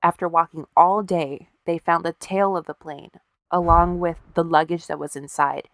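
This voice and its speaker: A woman with a lowish voice tells a story to her co-host in a loose, chatty way. She swears freely and adds wry asides. The recording is dry and close. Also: fairly even intonation, normal speed, no room sound. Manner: profane, wry storyteller acting out quotes. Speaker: podcast co-host. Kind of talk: casual storytelling chat.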